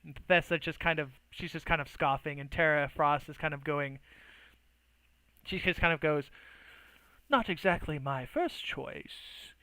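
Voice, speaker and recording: A man's voice: a little high, little pitch movement, normal speed, bright, forceful tone, smooth, no room sound, low-quality recording. A man narrating a tabletop game as game master, in a loose, hesitant way with many fillers.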